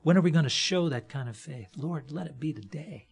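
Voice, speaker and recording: Male preacher, husky tone, folksy chatty sermon delivery. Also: a little high, fairly quick. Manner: folksy, joking asides, frequent fillers. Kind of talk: conversational sermon.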